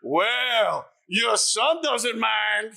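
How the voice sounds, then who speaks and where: A man impersonating a flamboyant older male movie star, loud and theatrical, half shouting. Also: high voice, animated, very slow, creaky, voice pushed up, heavily acted. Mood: booming.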